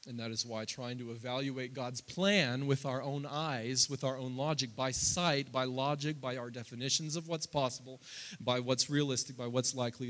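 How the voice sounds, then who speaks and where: A man in his thirties preaching a sermon, climbing loud and high through lists and quoted prayers, then dropping low and quiet. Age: 30s. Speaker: pastor.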